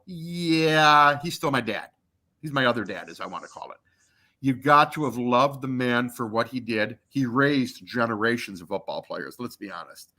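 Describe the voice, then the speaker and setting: A man in his fifties, a podcast interview guest, telling a long personal story, acting out quotes and swearing freely. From Michigan. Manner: animated, acts out quotes with big pitch jumps.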